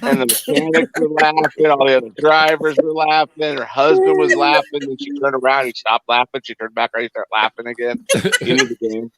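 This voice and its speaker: A man hosting a casual chat stream, telling stories in a laid-back, drawn-out way. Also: mid-range voice, steady tone, fairly bright tone. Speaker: stream host.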